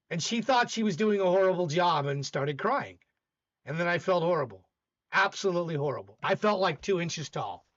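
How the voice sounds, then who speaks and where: A man's voice: high voice, fairly bright tone, highs cut off. A man hosting a casual stream, talking intensely and emphatically with frequent restarts. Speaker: host. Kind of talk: casual livestream chat.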